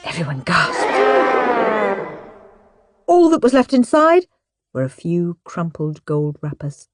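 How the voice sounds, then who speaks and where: Slow, expressive woman reading a children's story. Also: lowish voice, dry recording. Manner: expressive, acts out the characters. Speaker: audiobook narrator. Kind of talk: children's audiobook narration. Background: background music.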